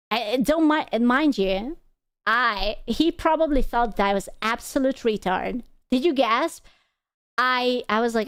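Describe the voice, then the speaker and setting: A young woman with a high, smooth, clear voice tells a story to her stream as a VTuber. English is not her first language, and she stammers through restarts and swears freely. The sound is dry and close, from a desk mic. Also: lively intonation, unhurried, dry recording. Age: young adult.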